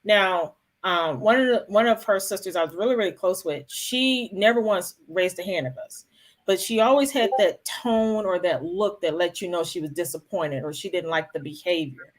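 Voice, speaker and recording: A middle-aged woman in a casual conversation, speaking calmly and earnestly about her life, with frequent restarts. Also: on the low side, moderate pace. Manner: reflective, calm and earnest, with many restarts.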